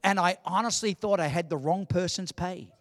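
A man in his sixties preaching a sermon in church, animated and humorous, with emphatic delivery. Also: high-pitched, moderate pace, no echo. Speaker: pastor.

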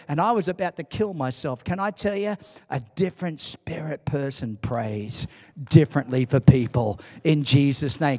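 Man, sermon preacher, high-pitched voice, emphatic storytelling, hall reverb. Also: moderate pace. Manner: emphatic storytelling, swinging from hushed to shouting.

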